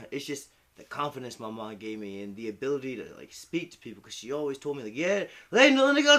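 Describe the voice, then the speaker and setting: A young man in casual chat as a streamer, rambling, heartfelt and profane. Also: fairly low pitch. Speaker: hip-hop commentary streamer.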